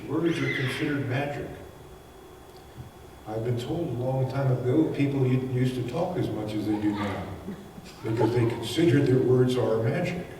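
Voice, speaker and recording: Man teaching in a booming echoey hall. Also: background noise. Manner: folksy, anecdotal, chuckles often. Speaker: spiritual teacher. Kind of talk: conversational spiritual talk. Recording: echoey hall recorded from far off.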